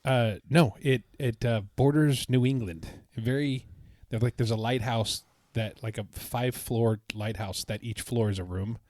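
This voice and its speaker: Guy rambling through a trip story on a podcast, laughs a lot, keeps clearing his throat, dry close mic. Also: medium pitch, steady tone, unhurried, a little mellow, no echo. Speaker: podcast co-host. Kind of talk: casual chat.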